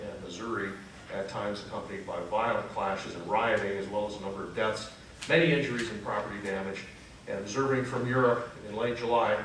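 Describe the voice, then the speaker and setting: Low-voiced man lecturing in an echoey hall. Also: a bit bright, slight background noise. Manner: unscripted, frequent "uh" fillers and self-corrections; asks the audience questions. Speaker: lecturer at a freethought congregation. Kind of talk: conversational history lecture. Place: meeting hall with an audience. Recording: very echoey hall, distant mic.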